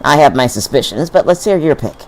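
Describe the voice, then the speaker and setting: A man's voice: a little high, animated, a little fast. Man playfully reading game lines. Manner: reads lines in a light playful voice. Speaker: player voicing game characters. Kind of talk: casual co-op game voice-acting.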